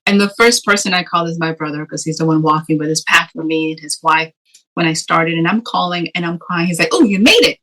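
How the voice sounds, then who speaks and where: A woman's voice: deep voice, fast talker, poor audio. A middle-aged woman from Texas, a guest author, telling personal stories in an interview and acting out what people said. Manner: expressive storyteller, acts out quoted voices. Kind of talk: conversational interview.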